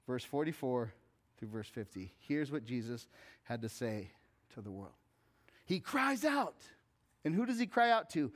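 A man preaching a sermon as pastor, swinging from hushed, intimate lines to loud, emphatic calls. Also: high voice, expressive, normal speed.

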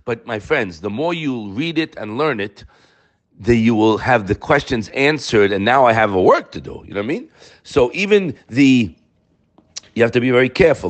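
Guy teaching a torah class, pitch all over the place, keeps asking the room questions. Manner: animated, rhetorical questions, mixes in Hebrew terms.

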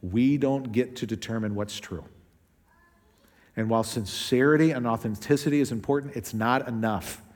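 A male pastor preaching a sermon in a conversational way, acting out quotes with shifting pitch and pace. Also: moderate pace, in a large hall.

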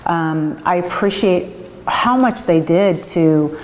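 A middle-aged woman, interviewed for an oral history, talking in halting, restarting sentences and getting emotional. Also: lowish voice, in a large hall, rough recording. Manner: emotional, chokes up, laughs often. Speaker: interviewee, winery owner.

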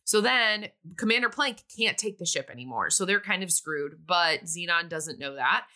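A woman's voice: lowish voice, expressive, normal speed, sharp tone. A woman casually recapping a movie plot in a chatty way, sometimes briefly acting out the characters' lines.

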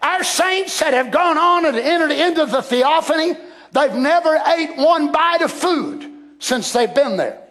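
A man preaching a fervent sermon, building to emphatic shouted peaks. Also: very high-pitched, lively intonation, measured pace.

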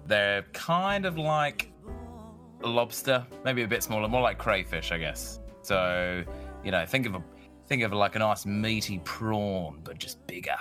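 A man's voice: lowish voice, animated, a little slow, pushed and bright, soft background music. A man co-hosting a podcast, chatting casually in an easygoing, jokey, slangy way. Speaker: podcast co-host. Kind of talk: casual chat.

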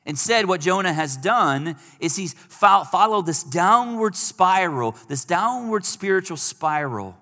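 A man's voice: high voice, lively intonation, unhurried, hardly any pauses, sharp tone, long reverb tail. A man preaching a sermon in a conversational way, lifting his voice when he acts out pleading quotes.

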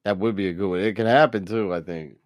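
A man's voice: on the low side, fairly even intonation, no echo. A young man on a podcast, swearing and joking as he tells how he got a game moment wrong. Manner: quick reactions, swearing, joking. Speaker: podcast co-host. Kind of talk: casual chat.

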